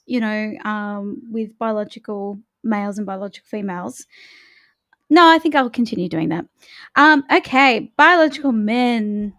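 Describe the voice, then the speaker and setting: A woman vocal coach leading a live warm-up lesson, chatty and encouraging as she demonstrates exercises. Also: fairly high pitch, animated, normal speed, no echo, clean studio sound.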